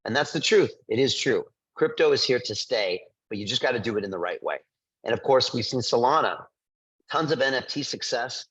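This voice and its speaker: A male host speaking to a group in an excited, emphatic monologue with quick asides. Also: medium pitch, lo-fi sound. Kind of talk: energetic monologue to a live group.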